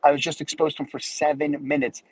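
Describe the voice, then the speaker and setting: A man giving a casual, energetic live coaching talk who acts out the people he quotes. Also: on the high side, quick pace, slight background noise, rough recording. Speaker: business coach.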